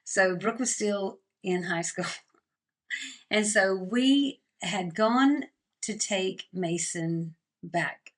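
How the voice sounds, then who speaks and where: A woman's voice: mid-range voice, very slow. A middle-aged woman co-hosting a podcast, chatting casually over wine, rambling and laughing often. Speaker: podcast co-host.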